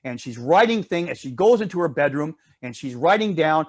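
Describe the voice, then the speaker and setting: A man's voice: on the high side, lively intonation, brisk. A man leading a Bible study, teaching casually through a story and checking in with listeners often.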